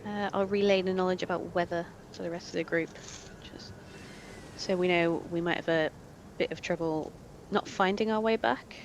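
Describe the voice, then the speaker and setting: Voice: medium pitch, fairly even intonation, normal speed, slight background noise. Practical dry-humored player. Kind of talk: casual tabletop chat.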